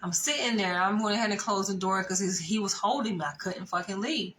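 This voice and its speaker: A young woman recounts a dating misadventure in an animated, profane, conversational storytime. Her voice sits mid-range with a sharp, bright edge. A faint hum of room ambience sits under the voice. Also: medium pitch, fast, rough recording. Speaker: vlogger telling a dating story. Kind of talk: casual storytime monologue.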